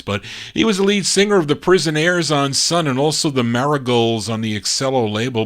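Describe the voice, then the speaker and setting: A man's voice: medium pitch, a bit bright. Chatty male record show host. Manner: chatty, rambling, reads out label and release details. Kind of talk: casual record-spinning DJ chat.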